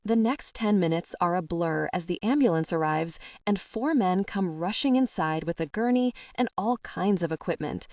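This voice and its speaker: A woman narrating a first-person romance audiobook in an intimate, unhurried way. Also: fairly low pitch, expressive, darkish tone, no echo, clean studio sound.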